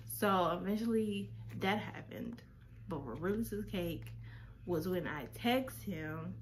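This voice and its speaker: Animated woman telling a storytime. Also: on the low side, a little slow, slight background noise. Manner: animated and incredulous, rhetorical questions, repeats words. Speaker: vlogger. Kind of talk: storytime vlog.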